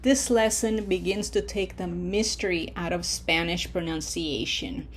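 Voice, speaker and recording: A woman teaching a recorded language lesson, modeling words clearly for repetition and checking in with frequent "okay?" prompts. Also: on the low side, a little hiss or hum. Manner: slow, deliberate, checks in with "okay?". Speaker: Spanish teacher.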